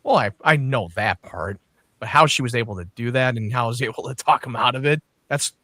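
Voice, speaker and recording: A man co-hosting a podcast, blunt and given to swearing as he picks apart what he disliked. His voice is mid-pitched and the sound is dry, with no room echo. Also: fairly quick, pushed and bright. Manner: blunt, swears while critiquing. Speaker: podcast co-host. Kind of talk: casual chat.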